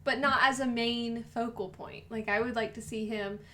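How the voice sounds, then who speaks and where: A woman co-hosting a live-stream podcast, chatting casually in a playful, excitable way. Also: on the high side, moderate pace, a little hiss or hum. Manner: playful, excitable, jokes a lot. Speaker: podcast co-host.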